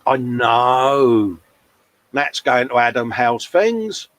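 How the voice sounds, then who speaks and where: His mid-range, fairly bright voice is expressive but extremely slow, captured in a rough recording. He's a man hosting a live model-painting stream from a hobby workbench at home, chatting casually, reading out viewer comments, laughing often at his own expense, and addressing people as mate.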